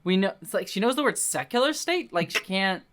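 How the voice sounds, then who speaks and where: Comic host reading aloud, bright voice, exasperated asides. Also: male voice, high-pitched, sing-song, brisk. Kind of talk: comedic dramatic reading with commentary.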